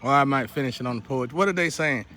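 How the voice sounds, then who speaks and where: A man's voice: mid-range voice, fast, bright, forceful tone, faint music behind. A man delivering an impassioned, repetitive monologue to the camera outdoors, building to an urgent outcry. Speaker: vlogger. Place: outdoors near a porch.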